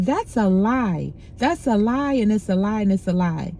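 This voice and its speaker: A woman's voice: a little high, animated, a little slow, few pauses, dark tone. Emotional woman telling a raw personal story. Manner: emotional, frank, conversational with profanity. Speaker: storyteller sharing personal experience. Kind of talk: candid personal confession.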